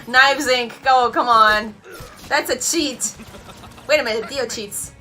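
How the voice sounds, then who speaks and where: A woman hosting a reaction video, cheering, swearing and shouting at the screen in excited casual commentary. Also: a little high, measured pace.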